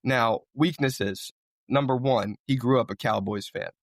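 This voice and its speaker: A man's voice: medium pitch, a little fast, vocal fry, no echo, clean studio sound. A man co-hosting a podcast, in casual, enthusiastic chat full of "like" and "I mean". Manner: enthusiastic, uses many fillers like "I mean" and "like". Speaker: podcast co-host.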